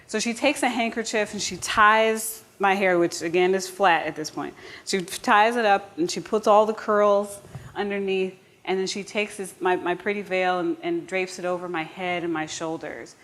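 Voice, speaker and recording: A woman from the United States telling a personal story live on stage, earnest and warm-humored, with restarts and asides to the audience. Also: medium pitch, moderate pace.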